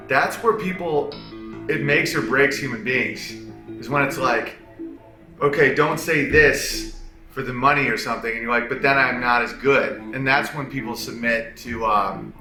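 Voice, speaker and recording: A man doing stand-up with a drawn-out, musing delivery. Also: mid-range voice, pushed and bright, roomy sound, soft background music, poor audio. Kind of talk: stand-up comedy bit.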